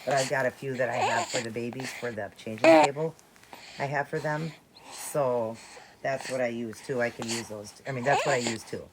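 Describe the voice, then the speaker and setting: A woman's voice: rumbling low, fairly quick, a crowd in the background. A woman vlogger tending reborn dolls, cooing and soothing them in casual mother talk while explaining to viewers. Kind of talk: casual show-and-tell vlog. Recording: loud background crying noise. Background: recorded baby crying.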